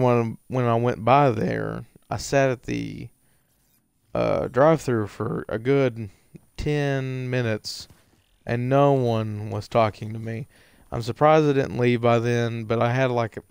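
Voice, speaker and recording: Gravelly man telling a story. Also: mid-range voice, dry recording. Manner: rambling, full of fillers and restarts. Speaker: streamer answering viewer questions. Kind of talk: casual storytelling.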